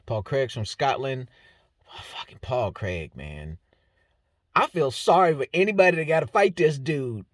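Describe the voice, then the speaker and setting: Animated joking man breaking down fights. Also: medium pitch, a little slow, dry recording, clean studio sound. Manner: joking, rambling, stumbles over names. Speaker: MMA fight breakdown host. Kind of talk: casual solo commentary.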